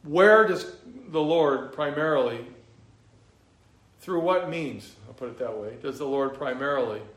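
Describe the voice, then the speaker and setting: A man's voice: on the high side, measured pace. A pastor preaching an expository sermon in a conversational way, asking rhetorical questions of his congregation. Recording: echoey room.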